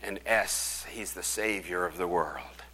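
Older male preacher, lower voice, loud then whispered, in a reverberant church. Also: unhurried. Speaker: pastor. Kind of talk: sermon storytelling.

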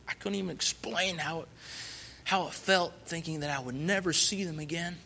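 Missionary guy telling his testimony, bright clear voice, big hall echo. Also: on the high side, normal speed, a little hiss or hum. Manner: earnest, rising fervently when reciting scripture. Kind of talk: personal testimony storytelling.

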